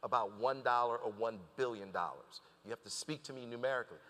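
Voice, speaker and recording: A man's voice: mid-range voice, fast, long reverb tail. A man telling a story as a guest in a conversational interview, acting out the lines of the people he quotes. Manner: animated storyteller who acts out quoted dialogue.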